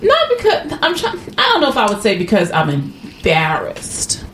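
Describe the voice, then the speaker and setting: Woman, animated, lively pitch, echoey room, faint noise. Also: normal speed. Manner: animated and open. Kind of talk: casual chat.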